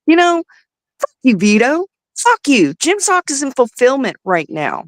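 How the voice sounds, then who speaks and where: A woman's voice: high-pitched, big pitch swings, unhurried, no room sound. Furious profane woman ranting. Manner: profane, heated, shouting bursts. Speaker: podcast co-host. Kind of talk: angry ranting commentary.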